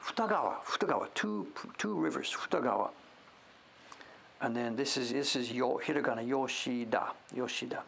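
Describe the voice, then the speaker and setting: A man hosting a casual show-and-tell, thinking aloud as he sounds out names, sometimes dropping to a whisper and breaking into excited praise. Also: mid-range voice, moderate pace, creaky, slight background noise. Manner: drops to whispers now and then. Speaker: host.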